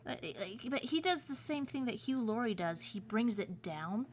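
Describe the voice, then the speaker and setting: A woman's voice: a little high, lively intonation, normal speed, faint music behind. An American woman, a cartoonist and voice actor, chatting casually and rambling on her livestream with playful asides. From United States.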